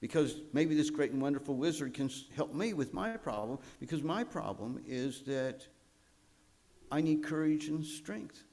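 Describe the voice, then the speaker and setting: A man's voice: fairly high pitch, animated, normal speed, vocal fry, darkish tone, voice pushed up. A man voicing a timid male lion who hesitantly pleads for help, told within a sermon. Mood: pleading.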